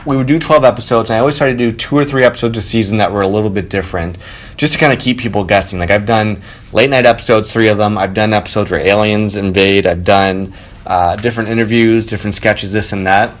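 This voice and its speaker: A man hosting his own podcast from a home studio, telling a story casually, animated and swearing freely. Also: fairly low pitch, fast talker. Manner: animated, swearing, quotes people with raised voice. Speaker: podcast host. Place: spare bedroom home studio. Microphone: home studio mic.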